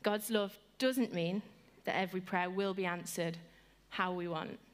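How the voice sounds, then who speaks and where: A woman giving an earnest sermon, repeating phrases and slowing down to stress them, lively when she tells stories. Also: on the low side, smooth. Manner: earnest and repetitive, slowing for emphasis; animated when telling stories. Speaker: speaker giving a devotional talk.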